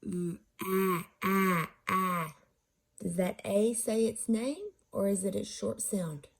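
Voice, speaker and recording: With a medium-pitched voice that is creaky, dark in tone and slightly rough, a woman reading teacher patiently explains how to code words during a phonics lesson. She asks questions before answering them herself and sounds out syllables slowly.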